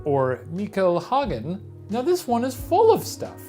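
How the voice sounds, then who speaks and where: Male co-host, 30s, dry wit, slightly high and lively. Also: a little slow, soft background music. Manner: dry, wry humor. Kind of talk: casual banter reading viewer comments.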